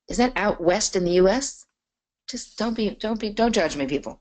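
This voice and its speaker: A woman's voice: mid-range voice, expressive, normal speed, darkish tone. A middle-aged woman hosting a live online masterclass, chatty and bubbly as she greets viewers by name. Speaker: webinar host. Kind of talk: live webinar chat.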